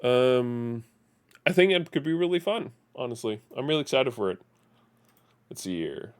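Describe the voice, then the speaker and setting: A man doing live gameplay commentary as a streamer. He talks in a chatty, animated way and often corrects himself. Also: medium pitch, normal speed, smooth.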